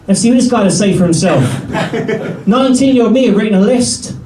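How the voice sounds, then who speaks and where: A man in his thirties doing a stand-up set, telling stories wryly with pauses before the punchlines. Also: high voice, animated, crowd noise. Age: 30s. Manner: wry storytelling with punchline pauses. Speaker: stand-up comedian. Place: comedy club stage. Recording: roomy club sound from a distance.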